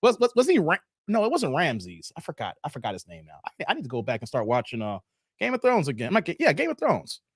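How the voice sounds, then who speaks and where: Animated high-voiced man hosting a live stream. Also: fast, slightly rough, dry recording, clean studio sound. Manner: loose and animated, drops "man" often, answers chat comments; brash and defiant toward critics. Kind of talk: casual live-stream chat with viewers.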